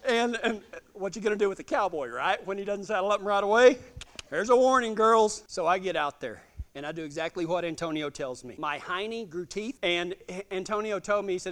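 A man telling a self-deprecating, humorous story in a sermon, animated and laughing often. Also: high-pitched, brisk.

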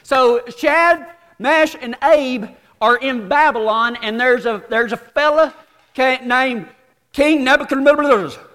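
A man's voice: very high voice, bright, forceful tone. Folksy preacher man in a hall. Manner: folksy, self-deprecating humor with dramatic pauses. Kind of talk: storytelling sermon. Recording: long hall reverb.

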